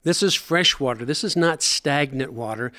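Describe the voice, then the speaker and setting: A man's voice: mid-range voice, moderate pace, pushed and bright, dry recording. A man preaching a sermon, explaining scripture in an earnest way and stressing points with emphatic repetition.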